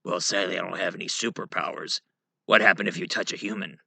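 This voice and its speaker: A brooding masked vigilante, as a man plays him, speaks quietly and seriously. The voice is bright and sharp, recorded dry and close. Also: low-pitched, fairly even intonation, fast talker, vocal fry, husky, no room sound, voice pushed down, heavily acted. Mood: grim.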